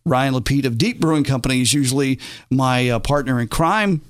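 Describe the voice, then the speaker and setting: A man's voice: mid-range voice, brisk. A man hosting a casual radio show about beer, jokey and chatty, speaking from a studio mic. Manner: jokey, chatty, with frequent fillers. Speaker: radio host.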